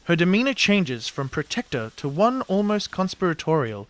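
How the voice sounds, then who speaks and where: A man reading scripted fantasy narration in a measured storytelling manner. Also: high voice, sing-song. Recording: narration over soft fantasy music.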